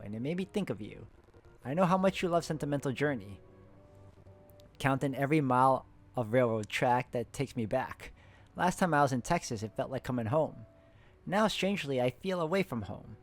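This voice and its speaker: A man hosting a co-op puzzle game playthrough, casually reading in-game letters aloud and chatting with a friend between them. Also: medium pitch. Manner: reads letters plainly, breaks off to chat and laugh. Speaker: host, playing a co-op puzzle game.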